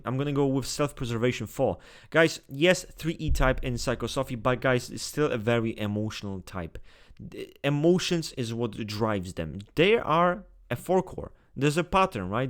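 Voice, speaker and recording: A man hosting a casual tier-list video, talking straight to his viewers in a blunt, excitable, swear-heavy way. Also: mid-range voice. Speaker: typology video host.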